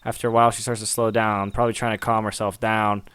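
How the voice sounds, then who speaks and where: A man's voice: on the low side, level tone, fast talker, fairly bright tone, clean tone, no room sound. Man reading a visual novel aloud. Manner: dramatic, reactive reading. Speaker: gaming content creator.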